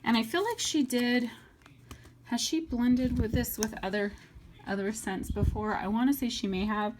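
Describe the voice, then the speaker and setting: A woman's voice: fairly high pitch, moderate pace, darkish tone, slight background noise. A woman reviewing wax melts in a casual, chatty vlog, enthusiastic and full of fillers. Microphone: webcam or phone mic.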